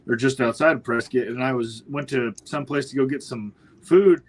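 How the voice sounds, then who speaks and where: A podcast host from northwestern Ontario, Canada, tells hunting stories in casual chat, using a mid-range voice at normal speed. He's an animated storyteller who acts out the voices of the people he quotes, though the audio is poor.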